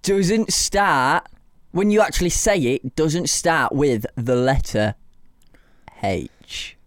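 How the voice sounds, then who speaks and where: A man with a northern English accent co-hosting a podcast in casual chat, playful and drawn-out. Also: a little high, no echo, studio quality. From northern England. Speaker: podcast co-host.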